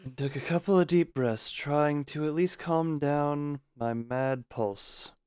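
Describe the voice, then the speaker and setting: A man's voice: fairly high pitch, slow pace, a little mellow, clean tone, no echo, studio quality. A man streaming a game, reading the on-screen text aloud and breaking off for joking remarks. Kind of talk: live gameplay stream, reading a visual novel aloud.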